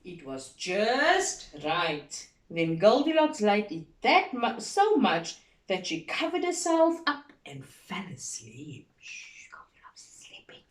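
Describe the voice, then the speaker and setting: A woman teacher reading a story aloud to children, animated and expressive, pausing to quiz the class. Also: mid-range voice. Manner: animated, slow and expressive, asks the class questions. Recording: echoey room from far off.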